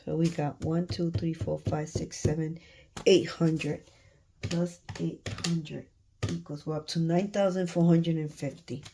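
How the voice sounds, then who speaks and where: A woman counting cash aloud for her budgeting vlog, murmuring numbers and thinking out loud. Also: deep voice, steady tone, measured pace, a little hiss or hum. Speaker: budgeting vlogger.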